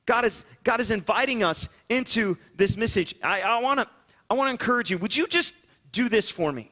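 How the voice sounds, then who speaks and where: A man preaching from the pulpit in a high, bright, ringing voice. He speaks as a pastor, piling up phrases in an earnest, repetitive, pleading rhythm. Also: lively intonation, normal speed. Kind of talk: sermon. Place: church sanctuary, also streamed online.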